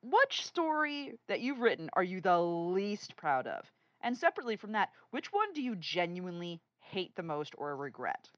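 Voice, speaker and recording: Lively, playful woman podcast host. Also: on the low side, normal speed, few pauses, dry recording. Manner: playful, lively, drops to a hushed tone for jokes. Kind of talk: casual joking podcast chat. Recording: dull lo-fi dry sound.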